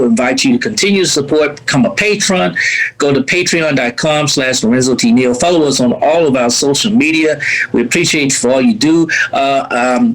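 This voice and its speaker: Male podcast host, mid-pitched, effusive sign-off delivery. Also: low-quality recording. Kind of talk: casual interview sign-off.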